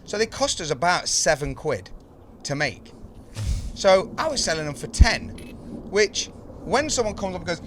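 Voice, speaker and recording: A man with a Birmingham accent, hosting a casual podcast chat and telling sweary, animated stories. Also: sits high, normal speed, a little hiss or hum. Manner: sweary, storytelling with put-on voices. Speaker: podcast host.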